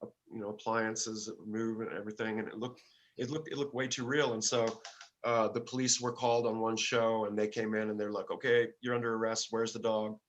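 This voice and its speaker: An older man, a guest musician, telling stories in a casual interview, halting and full of fillers and restarts. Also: on the low side, steady tone, a little hiss or hum.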